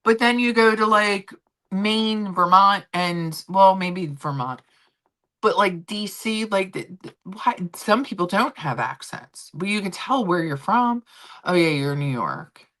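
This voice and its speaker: A woman's voice: medium pitch, unhurried, sharp tone. A middle-aged woman with a Philadelphia accent from Kensington, rambling in casual chat as host of her own show. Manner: rambling, chatty, talks to her pets mid-stream. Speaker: vlog host.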